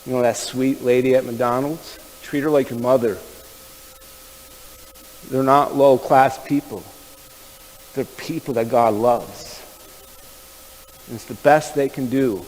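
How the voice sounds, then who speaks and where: A man's voice: mid-range voice, fairly even intonation, slow pace, long pauses, darkish tone, long reverb tail, a little hiss or hum, rough recording. A man preaching a sermon, telling stories in a folksy, conversational way and speaking directly to the men in the room. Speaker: pastor. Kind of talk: sermon storytelling.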